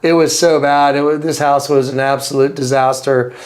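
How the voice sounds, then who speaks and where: A man being interviewed, telling a story in an animated way, acting out the voices and laughing as he goes. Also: normal speed. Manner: acts out quotes with big pitch jumps and laughter. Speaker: interview guest.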